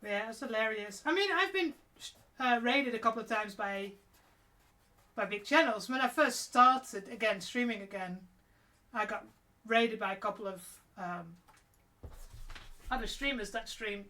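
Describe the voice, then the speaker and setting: A chatty woman with a light, bright voice pitched a little high, talking in a mixed British-American accent with Mancunian traces. She rambles and trails off as she crafts cosplay armour on her live stream. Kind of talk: casual chat while crafting on stream.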